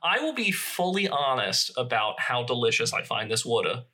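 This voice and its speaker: Man, podcast co-host, teasing and wry, very bright voice, casual banter. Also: mid-range voice, very animated. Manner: teasing, wry, quick jokes. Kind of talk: casual chat.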